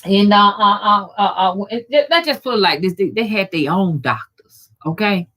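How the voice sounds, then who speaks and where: A woman's voice: mid-range voice, animated, normal speed, a bit bright. A middle-aged woman, hosting a casual livestream chat, folksy and profane, greeting viewers by name. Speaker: rootworker and channel host.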